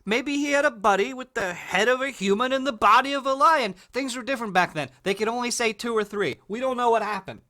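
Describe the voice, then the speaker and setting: A man's voice: extremely high pitch, a little fast, few pauses, bright, forceful tone. An American man co-hosting a comedy podcast, chatting casually, cracking jokes, laughing often and slipping into silly voices. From United States. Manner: jokey, laughs a lot, slips into silly character voices. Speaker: podcast co-host.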